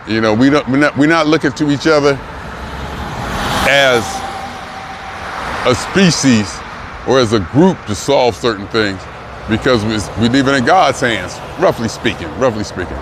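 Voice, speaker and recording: Speaking at a normal pace and medium pitch, a sixty-something vlogger muses in a reflective, rambling monologue, circling back over his points with emphasis. He's outside by a car rental lot, with traffic and city noise filling the recording.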